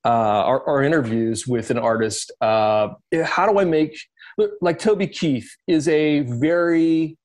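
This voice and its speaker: A man's voice: fairly high pitch, unhurried, darkish tone. Rambling, reflective man. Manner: reflective, rambling with many fillers. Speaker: entertainment interviewer, guest. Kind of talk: casual podcast conversation.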